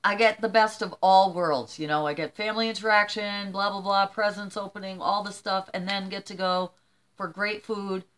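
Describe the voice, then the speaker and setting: An older woman chatting casually to camera as a vlogger, rambling warmly through shout-outs and tearing up as she talks. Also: mid-range voice, steady tone, moderate pace. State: teary.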